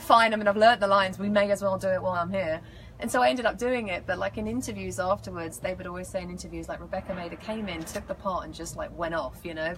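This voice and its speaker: An English woman chatting as an actress guest, playful and self-mocking as she answers fan questions. Her voice sits on the low side for a woman. A steady noise runs underneath the recording. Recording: noisy background.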